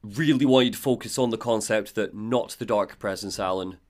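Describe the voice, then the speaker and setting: A man co-hosting a podcast, recapping a story in an animated, casual way with quick asides. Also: fairly low pitch. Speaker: podcast co-host.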